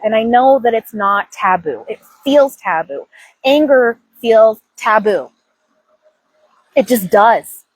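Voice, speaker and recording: A woman's voice: a little high, slightly rough, no echo, low-quality recording. A woman in her thirties hosting a casual self-help stream, speaking candidly, swearing freely and coaching herself aloud. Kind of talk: casual confessional chat.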